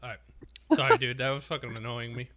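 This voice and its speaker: A man's voice: mid-range voice, little pitch movement, fast talker, pushed and bright. A man co-hosting a casual podcast, laid-back and a bit defensive, swearing casually and calling his partner dude. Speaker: podcast co-host.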